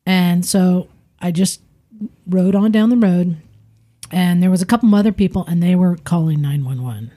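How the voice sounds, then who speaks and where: A woman telling a story on a podcast in a casual, animated way, often acting out the people she quotes. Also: on the low side, normal speed. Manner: animated, acts out quoted voices. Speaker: podcast guest.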